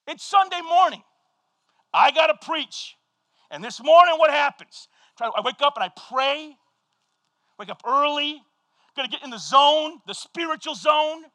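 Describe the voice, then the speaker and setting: A middle-aged male pastor giving a sermon, telling a story with lively energy and shouting at the high points. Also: no room sound. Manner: animated storytelling, shouting at peaks, quick asides.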